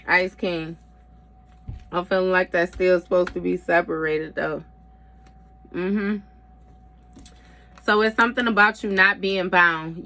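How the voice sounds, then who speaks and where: A woman's voice: medium pitch, bright, forceful tone, a little hiss or hum. A woman giving a casual tarot reading in a blunt, heavily profane way, with frequent mm-hmms. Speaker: tarot reader.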